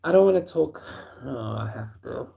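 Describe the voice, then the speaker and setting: A man from Africa, telling a first-person story in an animated way and chuckling as he goes. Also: fairly high pitch, normal speed, creaky, phone-quality sound. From South Africa.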